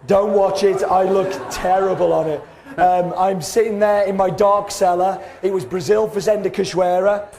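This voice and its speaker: A man with a hoarse, fading voice, telling stories in a casual, self-mocking way as a podcast host. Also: high-pitched, fairly even intonation, normal speed, few pauses, darkish tone. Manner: chatty, self-mocking storyteller, acts out quotes. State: hoarse, voice going. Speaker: podcast host and coffee roaster. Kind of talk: casual chat.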